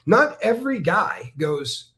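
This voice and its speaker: A man's voice: high voice, slow. A man co-hosting a casual livestream chat, telling stories emphatically and acting out what others said. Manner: animated storyteller, emphatic, mimics others. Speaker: co-host.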